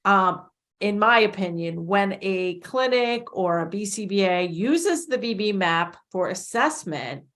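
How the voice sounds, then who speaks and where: A middle-aged woman, a behavior analyst hosting an interview, talks in a rambling way and often corrects herself mid-sentence. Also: lowish voice. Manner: rambling, self-correcting, chatty. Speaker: podcast host, behavior analyst. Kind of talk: conversational interview.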